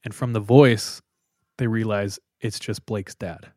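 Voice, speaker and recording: Animated storytelling man, dry sound. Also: on the low side, measured pace, no room sound. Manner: animated, acts out quotes, laughs often. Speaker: podcast co-host. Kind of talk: casual storytelling.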